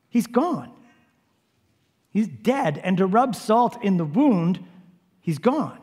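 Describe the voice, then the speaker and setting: A man's voice: high-pitched, very animated, measured pace, a little mellow, husky. A man preaching a sermon, retelling a story vividly and repeatedly urging his listeners to imagine the scene. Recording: long hall reverb.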